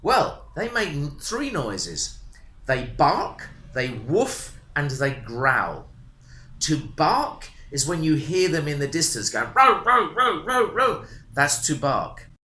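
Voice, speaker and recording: A man teaching a beginner language lesson, speaking slowly with a lot of repetition and animated intonation. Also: fairly high pitch. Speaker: English teacher. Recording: roomy echo.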